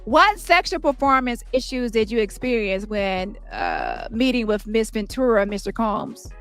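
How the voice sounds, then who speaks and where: A woman reading the part of an attorney questioning a witness in court, with brisk, pointed questions and faint music behind. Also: fairly high pitch, sing-song, a bit bright, exaggerated voice. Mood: probing.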